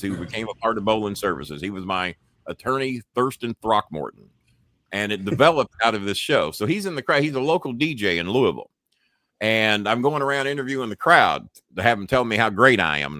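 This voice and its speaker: A man hosting a show, telling a profane, animated story and acting out the yelling voices. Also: on the low side, dry recording, clean studio sound. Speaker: host. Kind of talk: casual storytelling chat.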